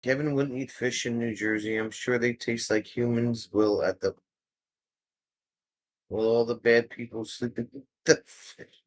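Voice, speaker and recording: A man's voice: medium pitch, fairly even intonation, measured pace, long pauses. A man hosting a casual livestream, chatting with viewers and teasing them playfully. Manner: playful, teasing, jumps from topic to topic. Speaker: livestream host. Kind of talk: casual live chat, answering viewers.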